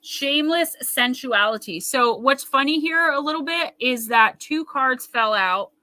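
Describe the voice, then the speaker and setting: A woman hosts a live intuitive card reading with a bright, slightly high voice. She talks to her viewers in an emphatic, chatty way. She often breaks off to answer their comments. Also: lively intonation, unhurried, no echo, poor audio. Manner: reads viewer comments aloud and riffs on them. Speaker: intuitive tarot reader, host.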